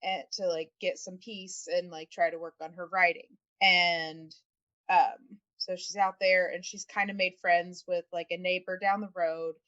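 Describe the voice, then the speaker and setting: A woman's voice: lowish voice, level tone, unhurried, a bit bright. Laughing, chatty woman on lo-fi audio. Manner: chatty, laughs often, many fillers. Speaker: podcast co-host. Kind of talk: casual podcast chat.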